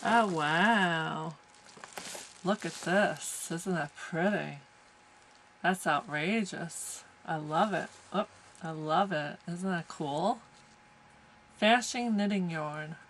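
A woman's voice: lowish voice, slow pace, pauses often, a little hiss or hum, poor audio. A woman from the United States opening a package on camera, gushing with lots of exclamations. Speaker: crafting vlogger. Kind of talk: casual unboxing chat.

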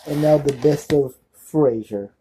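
A man hosting a casual show-and-tell vlog, talking haltingly with many fillers as he reads titles off one by one and breaks off to apologize when he forgets a name. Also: on the high side, warm tone, slight background noise, poor audio. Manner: forgetful, self-apologetic asides. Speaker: channel host.

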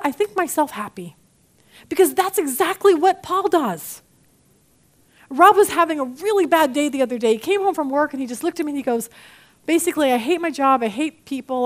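A woman teaching a Bible study lesson in a chatty, animated way, acting out the people she quotes. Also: high voice.

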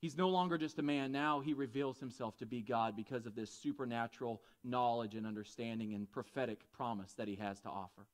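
A man preaching a conversational, animated sermon, often asking the congregation questions. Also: mid-range voice, a little fast, few pauses. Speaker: pastor.

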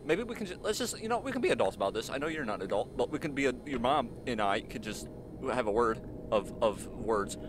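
A man's voice: medium pitch, very animated, fast, background noise. Jumpy man playing a horror game. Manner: jumpy and panicky, pleading and talking back to the monster. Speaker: gaming channel host. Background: game music.

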